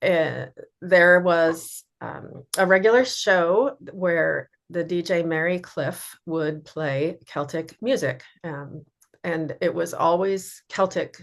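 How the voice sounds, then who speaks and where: A woman's voice: on the low side, takes it slowly, gravelly. A woman co-hosting a casual podcast, reminiscing easily and reading passages aloud. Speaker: podcast co-host.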